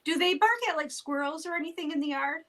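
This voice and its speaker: A woman's voice: high-pitched, steady tone, fast talker, fairly bright tone. A woman co-hosting a casual live-stream chat, joking and giggling as she tells stories about her dog.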